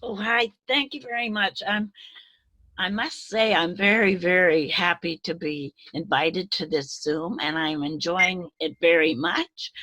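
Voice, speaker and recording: An eighty-year-old retired nurse speaking on a video call, tearful and halting, repeating her words as she rambles. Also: on the low side, bright, forceful tone, no room sound, rough recording. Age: 80s. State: tearful, voice breaking. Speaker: retired nurse, webinar attendee. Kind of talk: emotional open-floor remarks on a video call.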